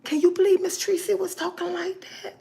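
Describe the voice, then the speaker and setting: A woman voicing a gossiping, scandalized woman viewer in a hushed, mocking whisper. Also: extremely high pitch, little pitch movement, fairly quick, vocal fry, voice pushed up.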